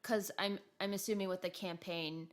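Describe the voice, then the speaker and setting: A woman's voice: mid-range voice, steady tone, moderate pace. A woman co-hosting a podcast in casual chat, asking questions and laughing often. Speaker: podcast co-host.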